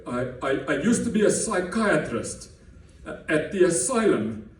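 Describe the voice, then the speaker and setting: A man's voice: a little high, big pitch swings, a little slow, roomy sound, far from the mic. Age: 80s. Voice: a man putting on an old German Afrikaans-accented man. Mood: deadpan proud. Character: 86-year-old man, retired psychiatrist, dryly proud.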